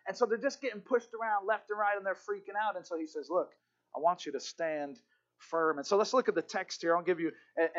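A man preaching a sermon as pastor, fervent, repeating key phrases and slowing down to stress them. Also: high voice, highs cut off.

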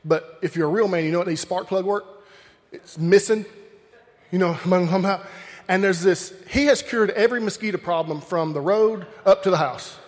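A man's voice: high-pitched, moderate pace. A man with a Southern accent from Alabama, preaching with folksy humorous stories and talking straight to the crowd. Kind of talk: humorous storytelling sermon. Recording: long hall reverb.

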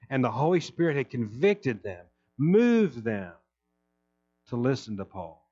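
A man's voice: medium pitch, a little mellow. A man preaching a sermon, reading scripture aloud and explaining it with emphasis. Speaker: pastor. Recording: dull lo-fi recording.

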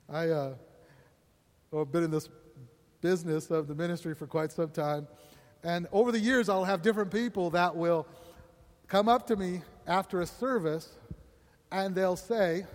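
Delivering his sermon in a large hall, this pastor keeps it conversational, often asking the congregation "right?" and laughing between points. He speaks high-pitched at a measured pace, pausing often.

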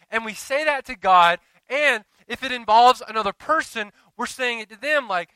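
Middle-aged male pastor preaching; smooth, dry, close voice, telling stories and talking straight to the congregation. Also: very high-pitched, animated, moderate pace, hardly any pauses, bright, forceful tone, dry recording, low-quality recording. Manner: storytelling with asides to the congregation. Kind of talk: sermon.

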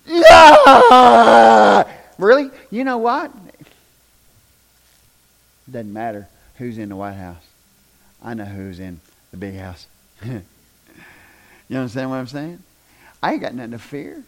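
A man preaching a sermon, folksy and repetitive, swinging from shouts down to near-whispers. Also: medium pitch, very animated, a little slow, long pauses. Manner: folksy, repeats "do you understand".

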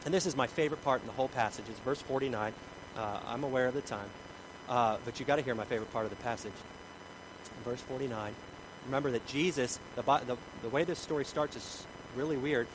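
Dramatic preacher, noisy rumble. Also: male voice, fast. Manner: dramatic, swings from shouting to hushed tones. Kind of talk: sermon.

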